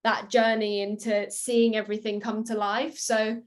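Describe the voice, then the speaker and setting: A young woman, an actress, telling quick, giggly stories in an interview. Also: medium pitch, level tone. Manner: giggly, fast storytelling. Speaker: actress guest. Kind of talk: animated interview anecdote.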